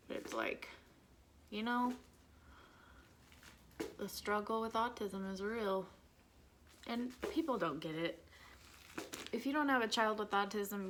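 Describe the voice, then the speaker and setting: A woman's voice: medium pitch, a bit bright, slight background noise, rough recording. A woman, chatting candidly as she does her makeup at home and venting about her son. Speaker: vlogger, mother of an autistic son. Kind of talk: casual makeup vlog chat.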